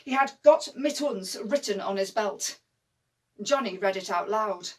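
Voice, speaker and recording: A woman's voice: mid-range voice, a little slow, recorded from a distance, lightly acted. A woman with a Northern English accent acting a young First World War nurse who talks in broad dialect, telling her story as a dramatic monologue. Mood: amused. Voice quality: broad dialect speech, vivid and emphatic.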